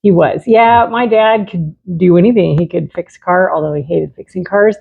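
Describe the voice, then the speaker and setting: A woman with a mid-pitched, gravelly and husky voice chats supportively, keeping the talk easy and friendly. The recording sounds muffled and lo-fi. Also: moderate pace. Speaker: co-host. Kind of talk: casual chat. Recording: dull lo-fi recording.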